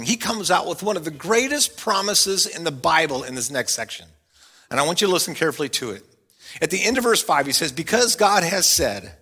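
A middle-aged man, a pastor, preaching a sermon. He swings between loud, playful stretches and quiet, earnest asides. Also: on the high side, sing-song, moderate pace, slightly rough.

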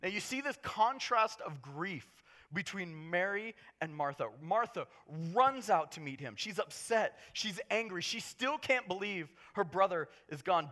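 A man preaches a casual, conversational sermon with jokes, swinging from near-whispers to loud bursts. His voice is bright and fairly high, with a lively, wide-ranging pitch. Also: a little slow, few pauses. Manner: animated, jokey, swings from hushed to loud.

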